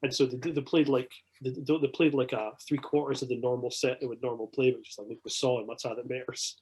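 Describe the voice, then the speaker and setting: A Scottish man chatting as a podcast guest, spinning an excitable story full of swearing and false starts. His voice is husky and sits in a middling pitch. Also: fairly quick, low-quality recording. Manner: excitable, swears often, many restarts. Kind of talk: casual chat, storytelling.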